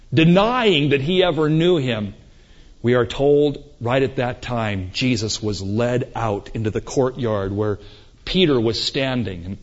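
Man, preacher, sermon, emphatic, rhetorical questions, mid pitch, dull lo-fi recording. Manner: emphatic, rising and falling for effect, rhetorical questions.

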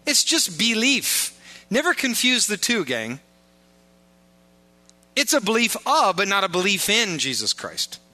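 A man's voice: high-pitched, big pitch swings, unhurried, long pauses, sharp tone. A man preaching a sermon as pastor, joking and informal in asides, pressing his points with emphatic repetition.

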